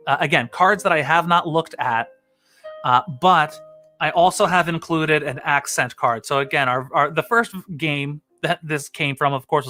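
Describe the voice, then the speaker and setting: Bright-voiced man rambling on a live stream. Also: a little high. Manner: rambling, laughing, full of uh fillers. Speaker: live-stream host and tenor. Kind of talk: casual live-stream chat.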